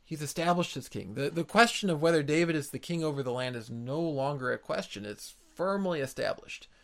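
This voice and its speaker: A man's voice: on the high side, vocal fry. A man preaching an expository sermon in an earnest way, repeating words for emphasis. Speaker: pastor.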